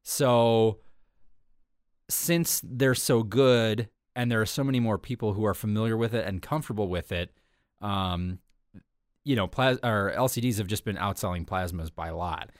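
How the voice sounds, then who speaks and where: A man's voice: fairly low pitch, normal speed, no echo, clean studio sound. A man co-hosting a casual tech podcast, chatting in a rambling, self-correcting way. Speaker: podcast co-host.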